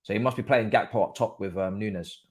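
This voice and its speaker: A man hosting a live football watchalong stream, chatting through the match as a fan and bursting into shouts at big moments. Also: lowish voice, quick pace. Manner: excitable, erupts into shouts and laughs at goals. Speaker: watchalong host.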